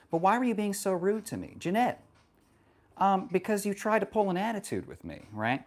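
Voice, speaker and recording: A woman's voice: lowish voice, sing-song, moderate pace, pauses often. A woman streaming a workout, chatting casually with viewers, wry and profane, teasing chat and straining between sets. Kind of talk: casual livestream chat while working out.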